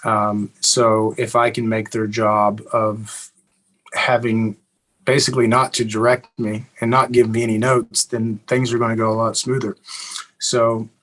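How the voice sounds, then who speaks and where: A young adult man from Eastern Kentucky, answering interview questions in a relaxed way with many fillers and restarts. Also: fairly low pitch, a little slow, poor audio. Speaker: actor guest.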